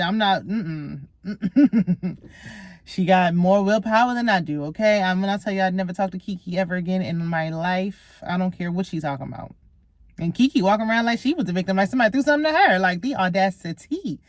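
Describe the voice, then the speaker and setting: A woman's voice: medium pitch, no room sound, clean studio sound. A woman, recapping a reality show in casual, sassy chat straight to her viewers.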